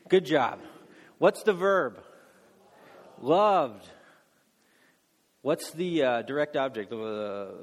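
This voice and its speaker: A man, a married father, preaching a teaching sermon to a congregation, quizzing them with questions and joking about himself. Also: medium pitch. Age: adult. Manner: joking, self-deprecating, quizzes the audience. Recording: long echo of a large hall.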